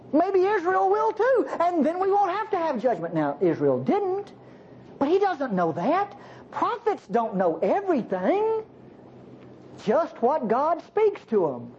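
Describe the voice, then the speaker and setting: Animated preacher, sermon with playful asides, swooping pitch, dull recording with faint hiss. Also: unhurried. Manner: animated, jokey asides to the congregation.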